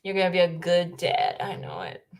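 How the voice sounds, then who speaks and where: A woman's voice: fairly low pitch, wildly swooping pitch, moderate pace. Giggly young woman chatting on a livestream. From Finland. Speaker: streamer host. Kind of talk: casual livestream chat.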